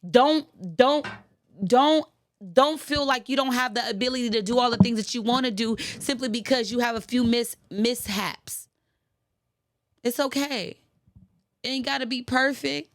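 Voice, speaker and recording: Woman, motivational speaker, emphatic and repetitive, slightly high voice, dry sound. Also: dry recording. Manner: fast, emphatic, repetitive call-and-response with the audience. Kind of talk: preaching-style motivational talk.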